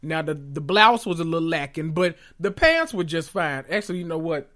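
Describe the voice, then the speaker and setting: A man giving a sassy, animated recap of reality TV in casual chat, swearing freely and often jumping into high voices to mimic people. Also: moderate pace.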